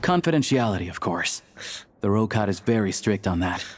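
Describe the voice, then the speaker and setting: An actor playing a calm, discreet young man of a secret society in a video game, explaining things in a measured way. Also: on the low side, a little hiss or hum, natural voice.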